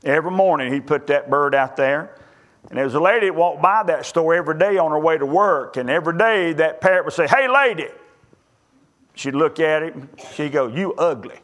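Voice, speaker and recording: A man preaching with a notably high voice, spinning homespun jokes and stories before turning to scripture. His delivery is folksy and down to earth, the easy manner of a pulpit storyteller. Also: fairly quick, fairly bright tone. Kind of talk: sermon.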